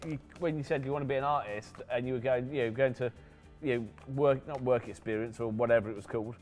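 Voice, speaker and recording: A man's voice: mid-range voice, steady tone, fast talker, a little mellow, soft background music. A middle-aged man with a faint Brummie accent, chatting casually as host and laughing often. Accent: Brummie, softened. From West Midlands, England. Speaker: host, car artist. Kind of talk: casual chat. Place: car converted into a studio, live stream.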